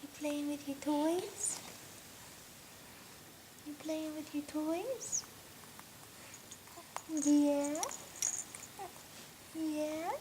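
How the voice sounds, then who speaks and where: A woman's voice: high voice, drawn-out words, long pauses. A woman talking to her baby in a cooing, sing-song way, repeating questions and laughing, filmed at home on a handheld camera. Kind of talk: baby talk to an infant. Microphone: home video camera held by someone else. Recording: home video with clear background noise.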